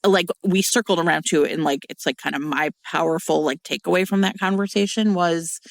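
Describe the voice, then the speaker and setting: A woman co-hosting a podcast in casual chat, animated and loose, full of fillers and the odd swear word. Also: fairly low pitch, creaky, dry recording. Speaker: podcast co-host.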